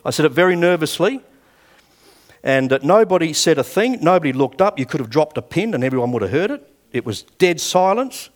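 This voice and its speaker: With a sing-song, brisk delivery on the high side, an Australian man in his sixties preaches. His sermon is conversational storytelling drawn from his own life, complete with acted-out dialogue.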